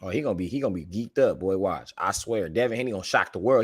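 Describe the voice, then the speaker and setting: A man co-hosting a casual podcast chat, animated and quick to break into high yelps. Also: slightly rough, no room sound, clean studio sound. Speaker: podcast co-host.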